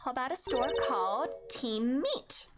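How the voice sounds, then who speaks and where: Brief: a woman playing a bubbly teen girl, high and lively, game music loud under. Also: unhurried, very noisy. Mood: chirpy.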